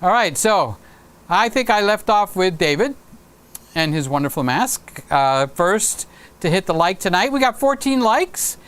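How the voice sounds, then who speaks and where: A man's voice: high voice, expressive, measured pace, a bit bright, smooth. A man hosting his own livestream, chatting casually and rambling through anecdotes while laughing at his own stories. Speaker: livestream host.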